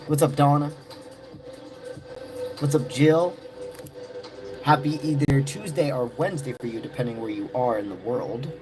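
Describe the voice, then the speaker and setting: A man's voice: medium pitch, a little slow, long pauses. Man greeting viewers over background music. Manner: greets chat viewers by name in a loose, friendly slang. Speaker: live-stream tarot reader. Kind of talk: casual live-stream chat.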